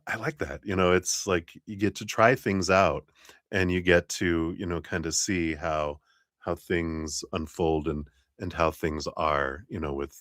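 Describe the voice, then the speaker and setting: Low-voiced man giving a rambling tarot reading. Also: fairly bright tone, no echo, studio quality. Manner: rambling, laughs often, many fillers. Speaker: tarot reader. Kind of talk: casual livestream tarot reading.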